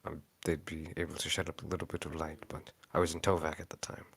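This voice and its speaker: A man at a tabletop game speaking as his character, polite and measured in his delivery. His voice is deep and low. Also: level tone, husky, no echo, studio quality. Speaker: player.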